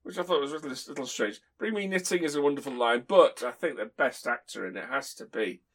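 A man's voice: medium pitch, lively intonation, quick pace, fairly bright tone. A man hosting a podcast, telling stories in a rambling way and chuckling as he talks. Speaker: podcast host. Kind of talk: casual chat.

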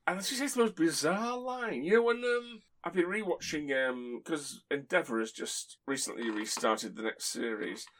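A man's voice: a little high, moderate pace, hardly any pauses, a bit bright. A man hosting a podcast, telling stories in a rambling way and chuckling as he talks. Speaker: podcast host. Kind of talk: casual chat.

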